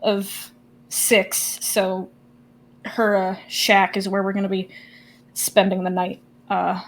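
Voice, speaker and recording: A woman's voice: mid-range voice, flat delivery, slow pace, slight background noise, low-quality recording. A woman voicing a weary, grudging male caravan driver who speaks in a dry, muttering way.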